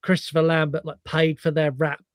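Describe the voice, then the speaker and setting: A man co-hosting a film podcast, talking in a lively, casual way and swearing freely as he acts out scenes. His voice sits a little high, recorded close on a dry mic. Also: a little fast, no room sound. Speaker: podcast co-host. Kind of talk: casual film review chat.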